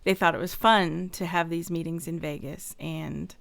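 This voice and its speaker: A woman's voice: low voice, fairly even intonation, normal speed, gravelly, fairly bright tone, no room sound. Laughing woman podcast host. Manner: chatty, laughs often, asks questions. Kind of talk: casual podcast conversation.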